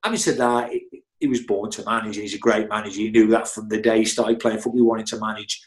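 A man's voice: on the low side, fairly even intonation, quick pace. A middle-aged man, a guest telling rambling, chatty anecdotes full of restarts and "you know"s. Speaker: interview guest. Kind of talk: anecdotal storytelling.

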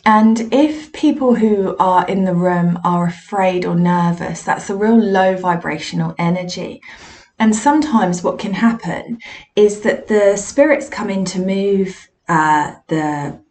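A woman's voice: mid-range voice, unhurried, a little mellow. A woman with a mid-range voice speaks as a spiritualist medium, telling her own stories candidly and with some self-deprecation. Her delivery is reflective and conversational, like a personal monologue.

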